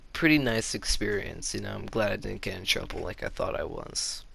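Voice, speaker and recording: Gravelly teenage boy telling a story. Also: fairly low pitch, fairly bright tone. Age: teens. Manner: rambling, heavy on "like" fillers. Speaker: YouTuber. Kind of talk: casual story time.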